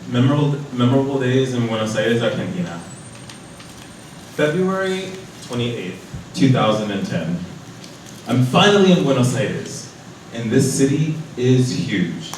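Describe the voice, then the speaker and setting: A man's voice: mid-range voice, far from the mic, a little hiss or hum. Young man reading a diary aloud in an echoey hall. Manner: lively reading, puts on voices for quoted people. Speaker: storyteller at a live event. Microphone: distant from the microphone.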